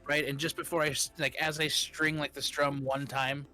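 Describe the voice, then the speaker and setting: A man playing a tabletop game, describing his character's actions in a rambling, halting way. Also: on the high side, level tone, sharp tone, soft background music. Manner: rambling, halting, many restarts. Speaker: player. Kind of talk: casual tabletop game chat.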